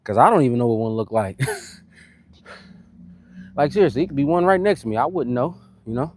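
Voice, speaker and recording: Laid-back Californian guy, lively pitch. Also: brisk, a little hiss or hum. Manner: laid-back slang, talks between exercise sets, shouts out viewers. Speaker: fitness streamer. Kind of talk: casual live-stream workout chat.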